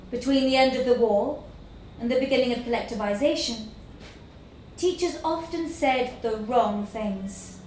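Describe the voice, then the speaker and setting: Woman, storybook narration, unhurried, fairly high pitch, roomy echo. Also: a little mellow, a little hiss or hum. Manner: slow, measured storytelling. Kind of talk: scripted narration of a literary story. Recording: echoey room with faint ambience.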